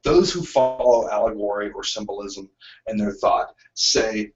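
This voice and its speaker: A man co-hosting a casual discussion podcast, talking in a rambling, animated way with frequent ums. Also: lowish voice, measured pace, slight background noise. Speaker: podcast co-host. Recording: dull lo-fi sound.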